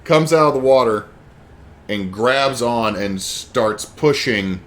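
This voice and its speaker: A man running a tabletop game as game master, telling the scene in an animated way with spoken sound effects. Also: medium pitch, takes it slowly.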